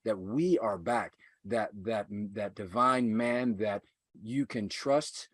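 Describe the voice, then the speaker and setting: A man speaking as a podcast guest and coach, measured and earnest, repeating phrases for emphasis. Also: on the low side, a bit bright, no echo, clean studio sound. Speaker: guest, men's self-mastery coach. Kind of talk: earnest conversational teaching.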